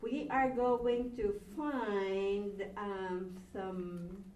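Slow, patient woman teacher in echoey classroom. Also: medium pitch, steady tone, a little mellow, highs cut off. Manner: patient, encouraging, drills pronunciation syllable by syllable. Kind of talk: classroom language lesson. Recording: echoey room from a distance, faint background noise.

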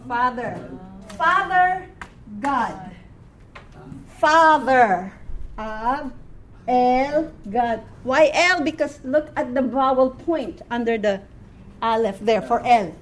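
A woman teaching a Hebrew class, explaining words patiently and repeating them slowly for her students. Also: sits high, lively intonation. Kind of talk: classroom lesson.

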